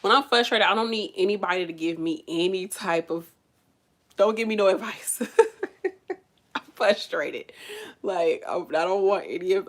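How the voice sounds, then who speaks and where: Venting woman vlogger saying y'all. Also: fairly low pitch. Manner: venting, animated, addresses viewers as y'all. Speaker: nursing student vlogger. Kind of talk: casual chat to camera.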